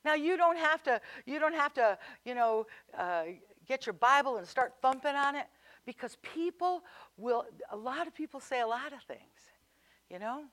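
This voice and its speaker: A woman preaching a sermon, moving between hushed, intimate passages and loud, impassioned declarations. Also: high voice, animated, moderate pace.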